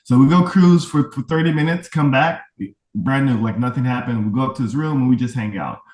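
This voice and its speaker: A man's voice: mid-range voice, brisk, darkish tone. A man talking earnestly and reflectively as an interview guest, a father of autistic twins, often checking in with "right?". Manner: reflective, earnest, fond of tag questions. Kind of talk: candid conversational interview. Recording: roomy, distant from the mic.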